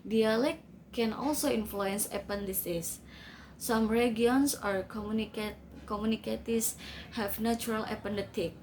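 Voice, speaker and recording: A woman reading a class presentation slowly and carefully, with small grammar slips. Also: medium pitch, a little mellow, a little hiss or hum, rough recording. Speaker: student presenter.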